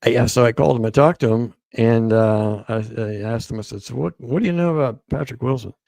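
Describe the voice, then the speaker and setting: A man recounting events as a guest, halting and repeating words as he quotes what others told him. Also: mid-range voice, gravelly, darkish tone, no room sound. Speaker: guest author. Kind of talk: storytelling interview.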